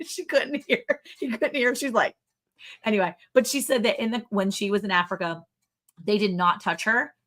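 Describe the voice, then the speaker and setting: A woman hosting a casual livestream chat, telling stories in a chatty, animated way and laughing often. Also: on the low side. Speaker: livestream host.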